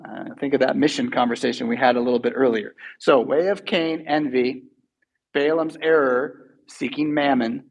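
A man's voice: medium pitch, fairly even intonation, moderate pace, gravelly, slightly rough. A man preaching a sermon in a church, telling stories in a casual, conversational way. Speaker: pastor.

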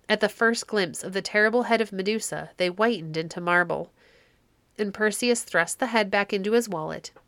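A woman's voice: mid-range voice, no echo. Woman reading a storybook aloud. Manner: measured, expressive reading. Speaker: audiobook narrator. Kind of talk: storybook narration.

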